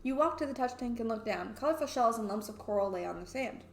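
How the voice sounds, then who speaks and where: A young woman reads a story game aloud and drops sarcastic asides in a fairly high voice. Her voice carries a roomy echo, with faint noise behind. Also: expressive, fast talker. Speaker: let's play host. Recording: roomy echoey room.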